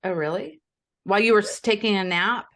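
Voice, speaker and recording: A woman's voice: medium pitch, brisk, a bit bright. An American woman with a Philadelphia accent, chatting as an interview guest and rambling easily. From United States. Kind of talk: casual interview chat.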